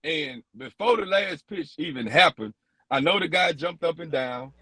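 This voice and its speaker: A man's voice: on the high side, lively intonation, moderate pace, bright, forceful tone, slightly rough, no room sound. A man, an umpire, recounting a tense game in a podcast interview, quoting exchanges word for word.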